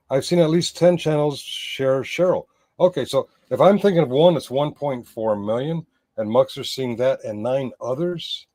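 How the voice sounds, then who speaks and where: A man's voice: mid-range voice, a little mellow, no room sound. A man doing live-stream commentary, rambling and sarcastic, growing heated, with many restarts.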